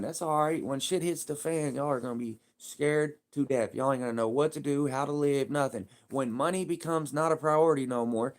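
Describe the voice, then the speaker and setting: A man live streaming, talking in a casual, heated and profane rambling rant. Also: on the high side.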